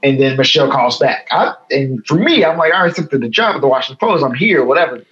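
Animated man telling a story, slightly dull sound. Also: mid-range voice, quick pace. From Chicago, USA. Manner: animated, acts out quoted dialogue. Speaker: guest photo editor. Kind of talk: casual interview storytelling.

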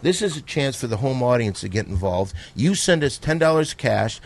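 A man hosting an improvised comedy podcast with a brisk, announcer-like delivery. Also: mid-range voice, very animated, vocal fry.

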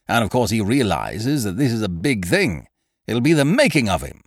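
A man's voice: fairly low pitch, big pitch swings, moderate pace, no room sound, studio quality. A man voicing a boisterous, scheming young man, full of big plans, who talks in a hearty, breezy way. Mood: exuberant. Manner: hearty, breezy, calls people "old horse" and "laddie".

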